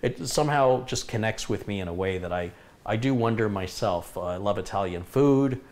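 A man's voice: fairly low pitch, moderate pace, a little mellow. A man hosting a casual tech live stream, chatting enthusiastically with viewers. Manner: chatty, enthusiastic, reads viewer comments aloud.

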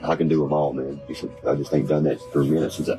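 A man's voice: a bass voice, fairly even intonation, fast, low-quality recording. A man from Virginia, rambling in casual chat, cursing freely and spinning conspiracy talk. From West Virginia. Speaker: guest. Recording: background music playing.

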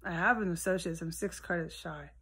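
A woman rambling alone at home in a solo monologue, swearing often and drifting between low mutters and heated outbursts. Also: a little fast, a bit bright, slightly rough. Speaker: vlogger. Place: at home, indoors with a window open.

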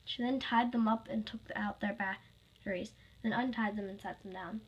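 A woman's voice: mid-range voice, fairly even intonation, moderate pace, slightly rough, highs cut off. A woman reading her own fan story aloud, plainly, with small slips.

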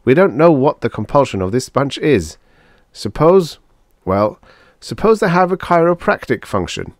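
A man's voice: mid-range voice, big pitch swings, normal speed, no room sound, voice pushed up. A man voicing a thin, dry, sarcastic male space salvager.

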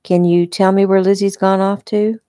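A woman's voice: mid-range voice, level tone, moderate pace, mellow, no room sound, clean studio sound, pitched above the performer's own voice, close to an everyday voice. A woman reading the part of an older woman, a motherly cook who talks sweetly and teasingly. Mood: kindly.

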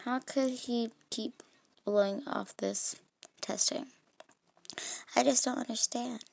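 A woman's voice: fairly high pitch, steady tone, slow pace, vocal fry, dry recording. Woman reading a story game aloud. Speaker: game player voicing the protagonist.

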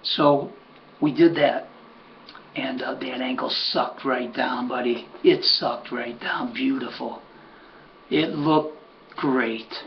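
Gravelly older man spinning a yarn. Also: mid-range voice, fairly even intonation, takes it slowly, pauses often. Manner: rambling, conversational, says "buddy", many restarts. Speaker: harness horse trainer. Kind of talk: personal anecdote storytelling. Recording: dull lo-fi recording with faint hum.

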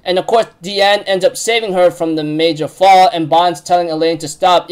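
A man's voice: sits high, fairly even intonation, normal speed, clear, resonant tone. A man casually recapping a story, rambling with lots of fillers and frequent laughs. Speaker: recap host.

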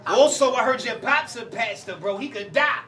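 A man's voice: very high voice, recorded from a distance, background noise. A man from Louisiana rapping battle verses, boastful and menacing, repeating lines for the crowd. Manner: boastful, menacing punchlines delivered deliberately. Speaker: battle rapper. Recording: voice from off mic with a loud cheering crowd.

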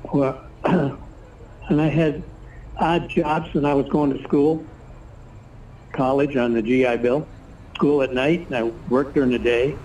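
A man in his seventies tells long, winding stories and acts out the other people's lines. His voice is warm and mellow, picked up from a distance on a poor recording with faint background noise. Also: mid-range voice. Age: 70s. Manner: rambling anecdotal storyteller, acts out others' lines. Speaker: retired engineer interviewee. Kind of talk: casual storytelling interview.

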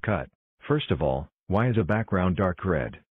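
Low-voiced man calling cuts excitedly. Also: husky, no room sound, narrow, tinny audio. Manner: exclamatory, hurried, calling cuts and takes. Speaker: creator directing a logo blooper video. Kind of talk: scripted fan cartoon narration.

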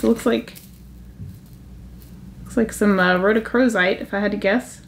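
A woman hosting a casual jewelry vlog, chatty and easily excited, gasping over pieces she finds. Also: a little high, moderate pace, vocal fry, long pauses, slight background noise. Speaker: jewelry channel host.

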